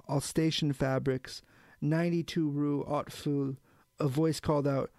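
A man reading a novel aloud in a measured, even storytelling manner. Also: a little high, no echo. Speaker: audiobook narrator. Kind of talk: scripted narration of a novel.

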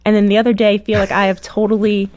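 A woman in her thirties, a guest author on a radio interview, telling family stories with lively acted-out voices. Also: medium pitch, fast talker, no room sound. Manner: animated storyteller, acts out voices.

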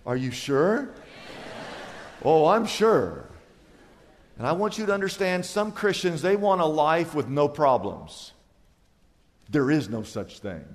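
Man preaching with high bursts in a hall. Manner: dynamic preaching with sudden high, loud bursts; acts out little dialogues for illustration. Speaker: pastor. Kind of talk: sermon.

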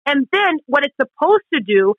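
A woman's voice: sits high, big pitch swings, moderate pace, no room sound, muffled recording. A woman co-hosting a Christian radio talk show, explaining Scripture in an earnest, emphatic way. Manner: earnest, emphatic, acts out quoted questions. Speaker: radio co-host.

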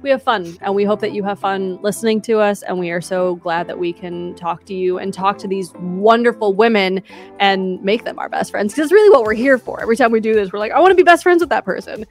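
An effusive woman co-hosts a chatty podcast, giggling and gushing over her guests. Her pitch sits mid-range, and faint music plays behind her. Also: fairly quick. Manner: effusive, giggly, self-described unhinged. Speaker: podcast co-host. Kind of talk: casual podcast chat.

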